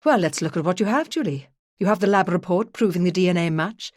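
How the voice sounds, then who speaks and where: A woman narrator voicing a brisk, businesslike male crown prosecutor with a Welsh accent. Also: high-pitched, dry recording, clean studio sound.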